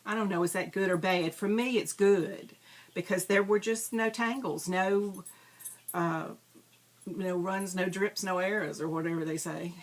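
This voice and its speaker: A woman's voice: lowish voice, steady tone, a little slow. A woman hosting a crafting videocast, chatting casually and rambling with frequent ums and self-deprecating asides. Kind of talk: casual show-and-tell chat.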